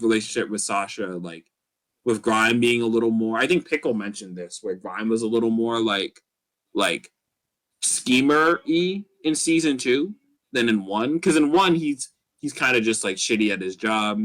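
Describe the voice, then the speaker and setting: A man's voice: fairly low pitch, fairly bright tone. A man co-hosting a casual podcast, rambling through his thoughts with lots of fillers. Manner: rambling, many fillers, acts out character lines. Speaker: podcast co-host. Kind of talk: casual chat.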